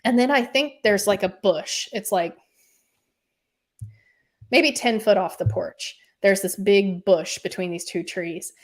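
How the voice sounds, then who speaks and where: A woman telling a personal story in casual, animated talk, often saying "like" and acting out what people said. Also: mid-range voice, measured pace. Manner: animated, acts out quoted voices. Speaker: podcast host appearing as guest.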